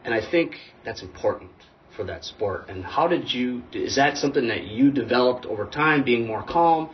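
A man's voice: mid-range voice, animated, normal speed, slight background noise. A man hosting a podcast who asks eager, earnest questions and calls himself emotional. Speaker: podcast host, wrestling parent. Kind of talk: casual podcast conversation. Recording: distant and muffled.

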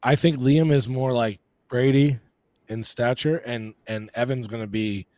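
A man's voice: medium pitch, steady tone, a little slow, a little mellow, no room sound. A man co-hosting a podcast, chatting casually about his young sons with dry humor. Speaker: podcast co-host. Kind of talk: casual chat.

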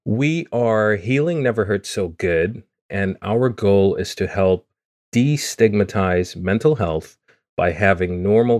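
Low-voiced joking man hosting a podcast. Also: dry recording, clean studio sound. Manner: joking, self-deprecating. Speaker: podcast host. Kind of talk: casual chat.

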